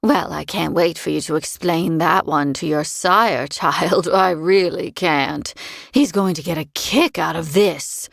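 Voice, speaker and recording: A woman voicing a sour, vicious old female crone in an audiobook, speaking in a sharp, scolding and sarcastic way. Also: on the low side, measured pace, gravelly, no echo, studio quality, voice pushed down. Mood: mocking. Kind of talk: audiobook character voice.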